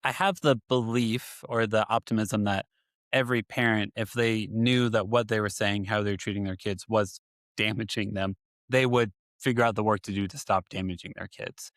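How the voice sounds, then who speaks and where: A man in his thirties hosts a podcast and talks candidly about raising his kids. His voice is on the low side, and his delivery is reflective and loose, full of casual asides. The recording is close and dry. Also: steady tone, moderate pace, a bit bright, no echo. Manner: candid, reflective, frequent "like" fillers. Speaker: podcast host, father. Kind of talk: conversational podcast interview.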